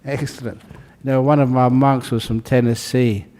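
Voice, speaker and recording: A Buddhist monk leading a ceremony, calling out names in a casual, joking way and laughing between them. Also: male voice, medium pitch, flat delivery, moderate pace, dark tone. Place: large hall.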